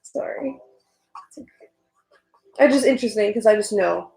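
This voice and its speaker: A woman's voice: mid-range voice, moderate pace, gravelly, dark tone, echoey room, poor audio. A young woman chatting casually while she works on a drawing, rambling and swearing, getting worked up at times. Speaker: artist vlogger.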